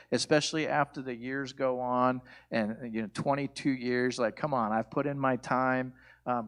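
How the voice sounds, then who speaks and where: Casual guy teaching a church couples session, jokey, self-deprecating, lots of ums. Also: medium pitch. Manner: conversational, self-deprecating, many fillers. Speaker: pastor leading a couples workshop.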